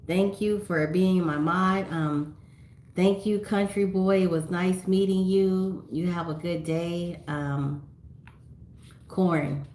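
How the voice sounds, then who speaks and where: A woman's voice: lowish voice, steady tone, slow, darkish tone, echoey room. A middle-aged woman from California hosting a casual livestream on her phone, chatting and reading viewer comments aloud with frequent laughs. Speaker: livestream host.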